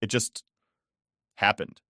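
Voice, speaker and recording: A man voicing a cornered, defensive and pleading adult wife, raising his pitch with a shaky delivery. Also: slow pace, pushed and bright, no echo, clean studio sound.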